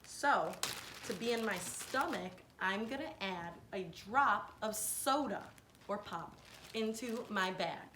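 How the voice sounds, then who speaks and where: A woman giving a hands-on science lesson to children, explaining each step clearly and patiently. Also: medium pitch, expressive, slow pace, sharp tone, a little hiss or hum. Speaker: science teacher. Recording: echoey room.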